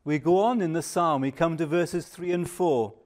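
An older man preaching a sermon, measured and emphatic, dropping to a hush on reflective pauses. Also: a little high.

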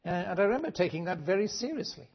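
A preacher from Wales, giving an earnest, measured sermon with frequent restarts, on a dull lo-fi recording. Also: male voice, high-pitched, very animated.

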